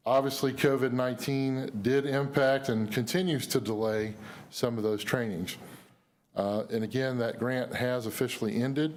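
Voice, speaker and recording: A hoarse man with a somewhat low voice speaks as an emergency manager at a public news conference. His delivery is measured and official, with many pauses and fillers between phrases. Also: darkish tone, slight background noise. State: losing his voice. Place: city news conference room.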